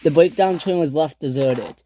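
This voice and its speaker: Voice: mid-range voice, moderate pace, dark tone, slight background noise. The maker of a home-made toy train series narrating the story loosely, with restarts.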